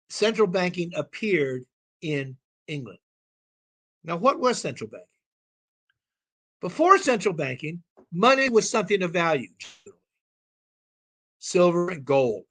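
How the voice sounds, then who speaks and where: A man's voice: high-pitched, sharp tone. A man talking as a call-in show guest, explaining at length in an emphatic, rambling way and swearing now and then. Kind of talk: casual explanatory talk.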